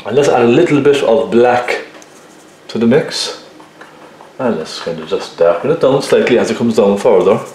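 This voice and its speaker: A man giving a relaxed painting tutorial, talking viewers through each step and often checking in with them as he works. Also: mid-range voice, moderate pace. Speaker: painting teacher. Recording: very echoey room.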